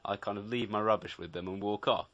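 A teenage boy co-hosting a casual comedic chat show, deadpan and understated. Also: on the low side, fast talker, dry recording, lo-fi sound. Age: teens. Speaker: co-host.

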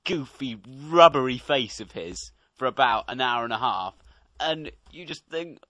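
A man's voice: medium pitch, expressive, unhurried, sharp tone, no room sound. A young man co-hosting a casual podcast with a wry, chatty delivery. His voice sits in a middle register. The recording is close and dry. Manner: chatty, wry, laughs easily. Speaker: co-host. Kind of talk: casual podcast film review.

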